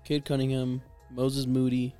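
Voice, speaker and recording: A man's voice: mid-range voice, monotone, unhurried, warm tone, clear, resonant tone, soft background music. A young man co-hosting a podcast in casual, crude chat, laughing often. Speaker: podcast co-host.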